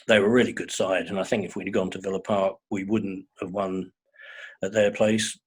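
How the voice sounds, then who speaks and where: An older man chatting as a guest, telling wry, measured stories in a husky voice. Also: low-pitched, little pitch movement. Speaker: guest fan. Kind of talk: casual chat.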